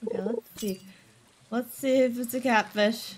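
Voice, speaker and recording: A young woman chats casually with her viewers while she plays, her voice a touch high and her pace slow and unhurried. She talks to her chat playfully and reacts to the game with gasps and giggles, over a faint background hiss. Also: steady tone. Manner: playful and chatty, talking to chat, bursting into gasps and silly sounds. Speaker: game streamer. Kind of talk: casual live-stream chat while gaming.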